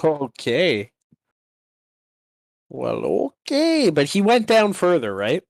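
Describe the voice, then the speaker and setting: A man chats as a tabletop game player, talking slowly with a lot of pitch movement. He swears in mock rage at his own bad rolls. The recording is dry and close. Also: huge pitch swings, gravelly, dry recording. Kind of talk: casual tabletop game chat.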